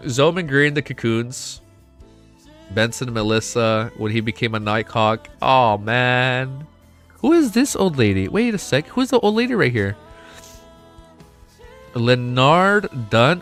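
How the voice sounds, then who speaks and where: A man hosting a casual livestream chat, excitable and swearing freely, his voice jumping between high and low. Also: a little slow, long pauses, faint music behind. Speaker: livestream host.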